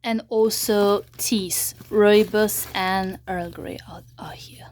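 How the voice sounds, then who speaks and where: Slow-talking rambling woman vlogger. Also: mid-range voice, steady tone, darkish tone, slight background noise. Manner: emotional, rambling, with halting restarts. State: unwell, recovering from side effects. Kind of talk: casual unboxing vlog.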